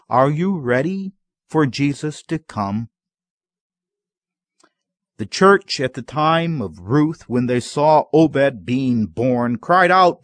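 Slow, measured male preacher. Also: medium pitch, dry recording, studio quality. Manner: slow, measured preaching with rising emphatic climaxes. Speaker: pastor. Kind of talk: sermon.

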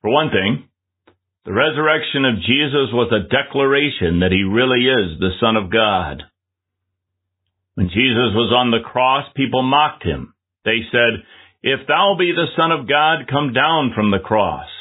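A man preaching a measured, earnest sermon with scripture reading. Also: medium pitch, expressive, husky. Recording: tinny phone-like lo-fi audio.

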